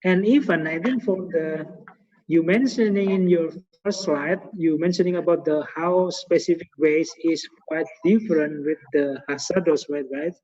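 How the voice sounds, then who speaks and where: A man's voice: on the high side, normal speed, darkish tone. A man with an Indonesian accent hosting a webinar, speaking hesitant English with many fillers and repeated words. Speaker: host of a guest lecture webinar. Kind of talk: hesitant conversational English on a video call. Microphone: video call. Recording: echoey, muffled video call audio.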